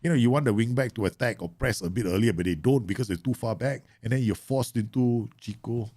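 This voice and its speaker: A man live-streaming a football management game, chatting casually with viewers and yelling at his players. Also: mid-range voice, brisk, no echo, clean studio sound. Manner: animated, bursts into loud yells and laughs at his players; chatty, answers viewer questions with many fillers.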